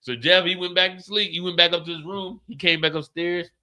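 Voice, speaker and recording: A middle-aged man hosting a stream, telling a story in a casual, animated way with lots of cursing, raising his voice when he acts out what people said. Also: high-pitched, fairly quick. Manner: animated, profane, acts out quotes in a raised voice. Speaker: streamer host.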